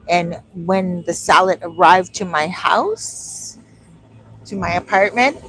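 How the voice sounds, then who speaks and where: Vlogging outside on a street with her phone, a woman with a lowish voice tells animated stories and performs the back-and-forth. The audio is poor, with a slight hiss or hum.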